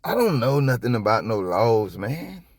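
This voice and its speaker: A man giving casual reaction commentary on a police video, rambling and profane, with sudden high-pitched outbursts. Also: very animated, normal speed, no echo, studio quality. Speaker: copwatch commentator.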